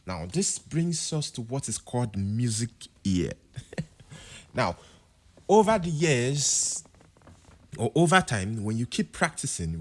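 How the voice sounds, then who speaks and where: Animated man teaching piano. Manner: animated, sings example words to show pitch. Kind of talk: music tutorial.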